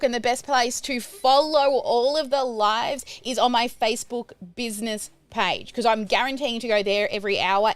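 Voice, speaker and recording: A middle-aged woman, a business coach teaching on a livestream in a bubbly, loud and energetic way. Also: fairly high pitch, clear, resonant tone, no echo.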